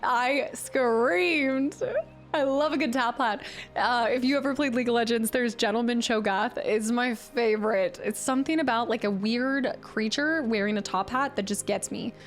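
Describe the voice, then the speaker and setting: An excitable woman streamer talks through a game in a fairly high voice. She laughs often and slips into play-voices. Faint game music plays underneath. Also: moderate pace. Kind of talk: live gameplay commentary.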